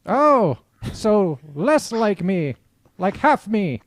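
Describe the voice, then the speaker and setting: A man's voice: sits high, very animated, extremely slow, no echo, pitched above the performer's own voice, heavily acted. A man voicing a pompous halfling who claims to be a god, speaking in grand, archaic phrases. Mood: haughty.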